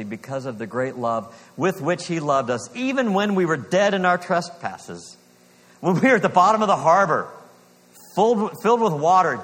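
A man preaching a sermon in earnest, slowing down for emphasis and dropping to a hush on key lines. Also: mid-range voice, big-room sound, slight background noise. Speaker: pastor.

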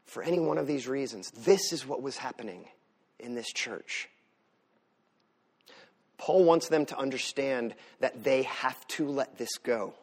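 A man preaching a sermon as pastor, swinging from loud emphatic lines to soft asides. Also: medium pitch, unhurried, slightly rough. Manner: animated preaching, rises loud for emphasis then drops soft.

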